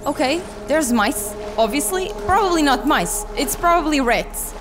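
A woman's voice: high voice, expressive, moderate pace. A woman in her twenties commentating a horror game as she plays, reacting with exclamations and swearing. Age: 20s. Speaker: gaming video creator. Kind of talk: let's play commentary. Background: game music.

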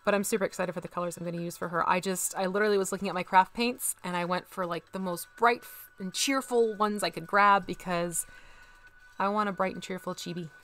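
A woman's voice: on the low side, steady tone, a little fast, a bit bright, faint music behind. A young woman chatting casually on a livestream while she paints miniatures, bubbly and talkative as she reads chat.

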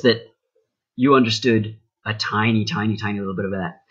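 A man's voice: on the low side, steady tone, fairly quick, a bit bright, slightly rough, muffled recording. A young male teacher giving a recorded lesson in a casual, rambling way, full of fillers and asides.

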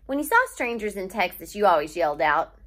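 A woman teacher reading a children's novel aloud to her class, with steady storytelling and pauses to name literary devices. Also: fairly low pitch.

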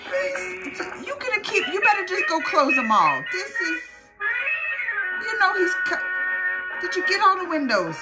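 A woman's voice: very high voice, wildly swooping pitch, a little slow, poor audio. A woman hosting a reaction video, exclaiming, laughing a lot and talking back to the screen in casual commentary. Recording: loud music playing behind the voice.

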